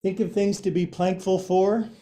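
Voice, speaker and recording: A man's voice: high-pitched, level tone, normal speed, dark tone. A man teaching a yoga class, giving cues in a playful, joking way with silly sound effects.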